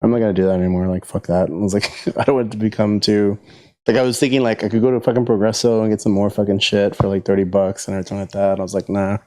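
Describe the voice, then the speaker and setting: A man's voice: lowish voice, little pitch movement, rapid-fire, warm tone. A man in casual podcast chat, telling a rambling, profane, laid-back story.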